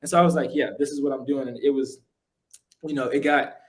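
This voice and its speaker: A young man, a podcast guest, casually telling his story in animated, slangy speech full of "like" and "yo". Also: mid-range voice, quick pace, a little hiss or hum.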